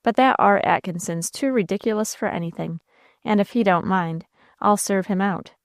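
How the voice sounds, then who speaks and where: A woman's voice: mid-range voice, no room sound, clean studio sound, natural voice. A woman voicing a folksy old sea captain. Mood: confidential. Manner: folksy rural dialect, drawn-out and confidential. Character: gruff, kindly old male sea captain.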